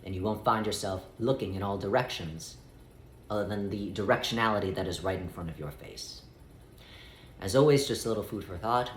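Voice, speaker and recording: A man giving a spiritual guidance talk, speaking as "we" in a measured way and stretching out key phrases. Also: on the low side, roomy sound, slight background noise. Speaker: spiritual teacher.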